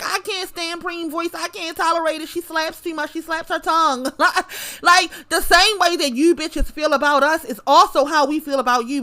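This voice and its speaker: A woman's voice: sits high, a bit bright. A woman delivering a profane, confrontational rant straight to camera, repeating her lines for emphasis. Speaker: vlogger.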